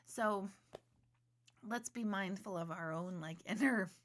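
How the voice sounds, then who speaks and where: A woman's voice: mid-range voice, slow. A woman in her forties, an intuitive medium hosting a live stream, chatting casually with viewers, rambling and joking at her own expense while she searches for words. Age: 40s.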